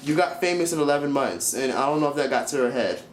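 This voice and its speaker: A young man casually reviewing a reality show, blunt and profane, talking in an animated way. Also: medium pitch, fast, roomy sound, a little hiss or hum. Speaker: YouTube commentator.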